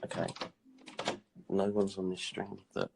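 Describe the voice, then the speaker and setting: Gravelly low-voiced young man with a cold. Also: completely flat delivery, a little slow, a little mellow, slight background noise. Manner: laid-back, joking, trails off. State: congested with a cold. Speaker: live stream co-host. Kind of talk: casual late-night chat. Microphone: phone on a live stream video call.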